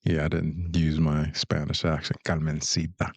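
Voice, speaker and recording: Deep gravelly male podcast host. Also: expressive, normal speed, a little mellow, dry recording. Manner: laid-back, loose hosting with fillers. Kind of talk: casual chat.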